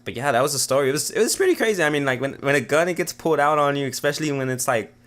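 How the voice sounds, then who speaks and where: A man's voice: a little high, lively intonation, racing, fairly bright tone. A man vlogging a rambling story in a casual, profane way, full of "you know" and "like" fillers.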